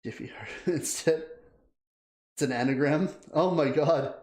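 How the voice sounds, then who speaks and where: A man hosting a live stream, chatting casually and excitedly. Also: fairly high pitch, measured pace. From Canada. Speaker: live-stream reaction host. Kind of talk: casual live-stream chat, greeting viewers. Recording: roomy echo.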